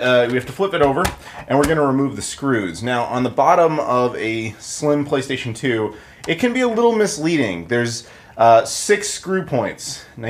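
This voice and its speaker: A man hosting a casual how-to video, talking in a chatty, informal way with lots of asides. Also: mid-range voice. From United States. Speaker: YouTube host.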